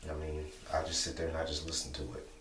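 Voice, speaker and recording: A young man talking casually to camera, repeating himself and filling pauses with "you know". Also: very deep voice, monotone. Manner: repetitive, rambling, many "you know" fillers. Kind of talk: casual monologue vlog. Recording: echoey room, distant mic, faint hum.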